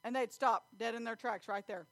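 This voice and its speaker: Woman preacher, higher voice, dry sound; folksy sermon mixing family stories and scripture. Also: fairly even intonation, moderate pace, dry recording. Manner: folksy storytelling with Bible reading, laughs often.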